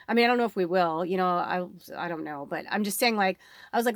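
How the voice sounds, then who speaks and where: A woman medium giving a casual tarot reading, talking in an excitable, emotional way and swearing freely. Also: fairly low pitch, fast, dry recording. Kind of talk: casual spiritual reading chat.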